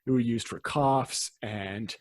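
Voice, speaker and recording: A man's voice: mid-range voice, slow pace, no room sound. A man hosting a casual history podcast, explaining in a chatty way that often trails off mid-sentence. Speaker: podcast host.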